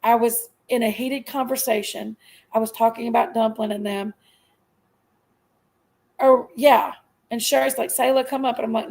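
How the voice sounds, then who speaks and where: Middle-aged woman, high and gravelly, emphatic aggrieved live-stream rant. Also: steady tone, moderate pace, a little mellow, poor audio. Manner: aggrieved, emphatic venting, repeats herself. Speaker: livestream host.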